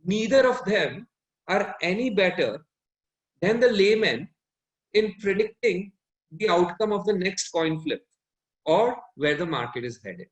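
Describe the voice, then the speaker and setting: High-voiced man, echoey room. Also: expressive, unhurried. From India. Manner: analytical, self-correcting mid-sentence. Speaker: fund manager guest. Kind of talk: explanatory panel talk.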